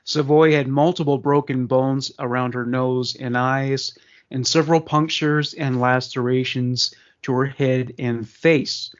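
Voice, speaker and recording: A man co-hosting a casual podcast, reading crime news aloud and breaking off for chatty asides full of fillers. His voice sits at a middle pitch, and the recording is slightly dull and lo-fi. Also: level tone, a little slow. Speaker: podcast co-host.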